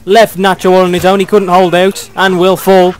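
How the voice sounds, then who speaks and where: A young British man doing excitable play-by-play commentary on a video game match, chuckling often. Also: high-pitched, normal speed.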